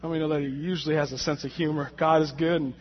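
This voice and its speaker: Guy preaching casual, tells a jokey story, slightly high voice, gets loud and worked up, kinda dull muffled sound. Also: rapid-fire, slight background noise. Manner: animated, jokey storytelling with rising, shouted anger in the retold moments. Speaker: lay preacher. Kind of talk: conversational sermon with a personal story.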